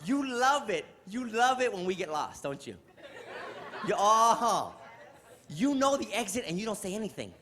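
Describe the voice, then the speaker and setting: A man's voice: sits high, normal speed, background noise. A middle-aged man from New York City doing stand-up comedy on a theater stage, telling exasperated stories and acting them out. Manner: animated, exasperated storytelling with act-outs.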